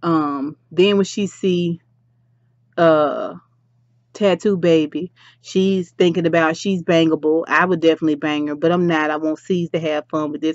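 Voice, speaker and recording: A woman's voice: low voice, fairly even intonation, moderate pace, dry recording. A woman chatting casually as she recaps a reality show, sassy and talking straight to her listeners. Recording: dry, slightly dull lo-fi sound.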